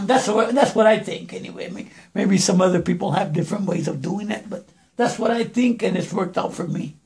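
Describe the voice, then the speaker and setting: A hoarse man with a fairly high, gravelly voice chats through a home-studio lesson on stacking and mixing vocals. He talks loosely and keeps calling the listener brother. The room around him sounds echoey. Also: fairly quick, a little mellow. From New Mexico. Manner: chatty, calls listener brother. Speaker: music producer teaching vocal recording. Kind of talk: casual home-studio tutorial.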